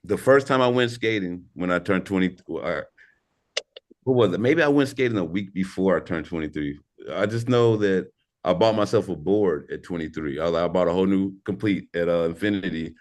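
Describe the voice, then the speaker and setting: Forties guy from St. Louis, deep low voice, loose and slangy, talks in looping restarts. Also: moderate pace. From St. Louis, Missouri. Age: 40s. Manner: laid-back, slangy, rambling with restarts. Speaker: podcast guest. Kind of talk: casual interview storytelling.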